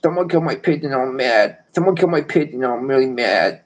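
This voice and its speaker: A man putting on a high, whiny impression of a famous boxer that swings between scared and threatening. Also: animated, brisk, lightly acted, low-quality recording. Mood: scared, menacing.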